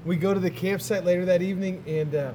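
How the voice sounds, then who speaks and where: A man on a motorcycle trip, spinning a road story in loose, swearing casual talk. His voice sits a touch high for a man, and a faint engine rumble runs behind him. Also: fast talker. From Texas. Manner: profane, animated storyteller. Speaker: motorcycle traveler. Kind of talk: casual chat.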